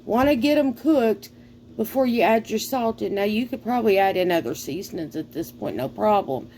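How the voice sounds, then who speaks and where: A woman's voice: mid-range voice, lively intonation, mellow, a little hiss or hum. A middle-aged woman from the American South with a Southern accent, chatting casually and folksily while cooking. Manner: slow, folksy, rambling with fillers and sighs. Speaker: cooking vlogger.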